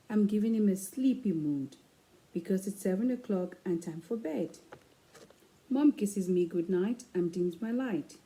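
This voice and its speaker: A woman hosting her own channel, reading a children's picture book aloud in a slow, expressive way with playful asides. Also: fairly low pitch, low-quality recording.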